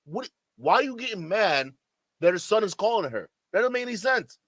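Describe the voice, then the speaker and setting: A man commenting on a clip for his chat, mocking and loud. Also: high voice, very animated, a little fast, no echo. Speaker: streamer reacting to clips. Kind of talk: live reaction commentary.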